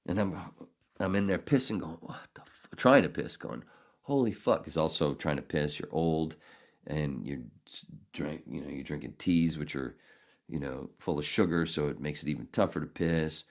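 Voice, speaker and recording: A man's voice: a bass voice, moderate pace, gravelly. An older man hosting a podcast, telling a rambling, profane story in a casual, ranting way. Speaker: podcast host.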